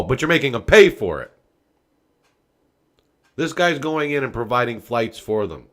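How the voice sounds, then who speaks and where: A man hosting a political commentary podcast, swearing freely and ranting with loud outbursts, in a casual, folksy way of talking straight to his viewers. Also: medium pitch, big pitch swings, measured pace, pauses often. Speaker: podcast host.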